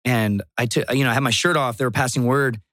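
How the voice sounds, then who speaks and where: A man in his thirties from Texas, a comedian and guest telling stories in a loose, profane, animated way on a podcast. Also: mid-range voice, fast talker, dry recording, clean studio sound. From Laredo, Texas. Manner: profane, animated storyteller who acts out quotes. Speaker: guest, stand-up comedian and former Marine. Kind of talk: casual podcast storytelling.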